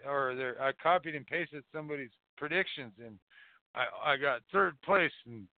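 A man's voice: on the high side, normal speed, no room sound. A man hosting a call-in show, rambling casually with profane, mocking jokes. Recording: phone-like dry lo-fi audio.

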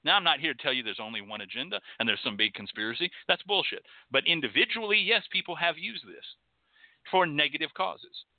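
A high-pitched man holds forth in a lively, swooping voice, swearing freely and hammering points home by repeating himself. His sound is tinny and phone-like, with no room around it at all. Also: brisk, no room sound. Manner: emphatic, profane, repeats phrases for stress. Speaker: host. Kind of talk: ranting monologue lecture.

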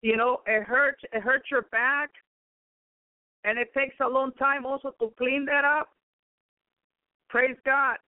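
Woman preacher, fervent testimony, high voice, slow and flat delivery, phone-like dry audio. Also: no room sound. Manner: fervent, peppered with praise exclamations. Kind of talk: spoken testimony sermon. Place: home in Chicago. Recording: dry, phone-like narrow sound.

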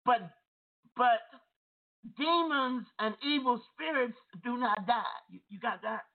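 A woman's voice: fairly high pitch, expressive, slow pace. A woman telling a deliverance testimony in a conversational way, often turning to the listeners directly. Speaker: deliverance minister. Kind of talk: testimony sermon. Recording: tinny phone-like audio.

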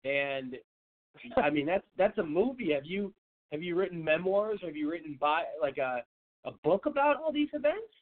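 A male talk show host with a somewhat high voice, heard over thin, phone-like audio. He chats casually and keeps his guest going with short, encouraging reactions. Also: big pitch swings, moderate pace. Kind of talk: casual interview chat.

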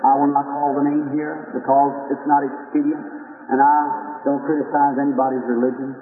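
A man's voice: medium pitch, level tone, moderate pace, phone-quality sound, slight background noise. A man preaching an earnest, rambling storytelling sermon, calling his listeners friends, in an old 1940s recording from a meeting hall. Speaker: evangelist preacher.

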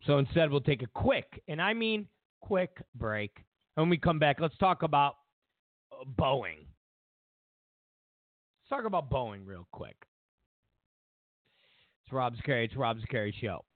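A man's voice: medium pitch, sing-song, measured pace, pauses often, no echo. A man hosting a talk radio show, ranting and mocking as he delivers a monologue. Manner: mocking, ranting, acts out both sides of conversations. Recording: tinny, phone-like radio sound.

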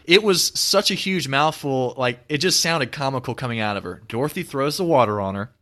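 Bright-voiced young man musing casually. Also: mid-range voice, animated, a little fast. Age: 20s. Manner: rambling, reflective, many restarts. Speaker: podcast host. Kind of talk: casual chat.

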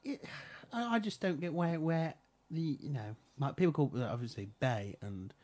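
A woman's voice: sits low, normal speed, darkish tone. A woman co-hosting a radio show in casual chat, rambling and hesitant, often losing her words.

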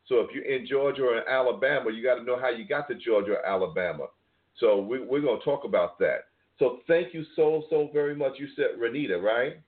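A man's voice: medium pitch, fairly quick. A man hosts a family call-in, steering each caller and repeating his thanks for emphasis. His voice sits in an ordinary middle range. It comes through a thin, tinny phone line. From New York. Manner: emphatic, repeats phrases for warmth.

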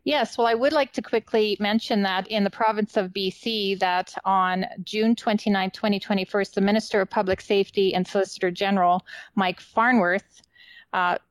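A woman, giving earnest commentary on a radio show and often pausing on fillers. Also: mid-range voice, fairly even intonation, dry recording, low-quality recording. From British Columbia, Canada. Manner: earnest, hesitant, with many fillers. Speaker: regular radio show contributor.

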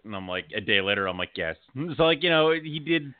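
A man co-hosting a podcast in casual chat, laid-back with frequent chuckles and quick asides. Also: mid-range voice, expressive, no room sound. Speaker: podcast co-host. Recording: tinny phone-like sound, dry.

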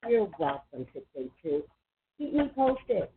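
A woman's voice: medium pitch, big pitch swings. Chatty woman on a tinny line. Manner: chatty, emphatic, quick asides. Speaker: psychic radio host. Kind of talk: casual call-in talk. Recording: tinny phone-line sound.

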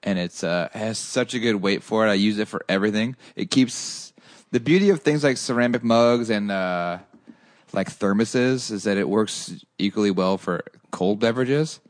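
Low-voiced man rambling in casual chat. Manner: halting, rambling with fillers. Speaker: podcast co-host.

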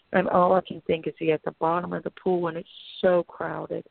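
Gravelly-voiced woman pastor over a phone line. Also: lowish voice, level tone, a little fast, few pauses, dry recording. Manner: earnest, dramatic retelling with quoted inner thoughts. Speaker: pastor and author guest. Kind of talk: emotional personal storytelling turning into preaching.

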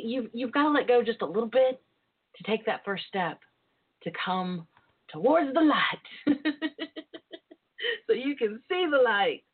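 Woman, radio host, earnest and encouraging, laughs often, tinny phone-line sound. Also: mid-range voice. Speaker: radio talk show host. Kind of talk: casual call-in radio chat.

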